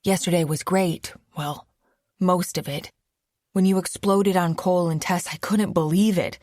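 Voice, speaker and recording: A woman's voice: lowish voice, fairly even intonation, a little slow, a little mellow, no room sound, studio quality, natural voice. A woman reading an audiobook, voicing a young adult man who is an easygoing, mildly dismissive boyfriend. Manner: casual, teasing, mildly scoffing. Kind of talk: audiobook character voice.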